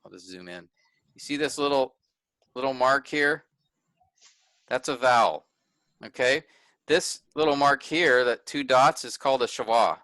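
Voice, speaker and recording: A man gives an online lesson at an unhurried pace, with a bright, clear tone and a dry, close sound. He explains step by step and keeps checking that everyone can follow. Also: mid-range voice, dry recording. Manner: patient, often checks understanding. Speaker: Bible teacher. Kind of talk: online workshop lecture. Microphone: video call.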